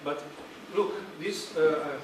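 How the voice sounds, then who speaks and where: Man lecturing in an echoey hall. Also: a little high. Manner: halting, searching for words, many fillers. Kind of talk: public lecture. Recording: echoey hall, distant, noisy.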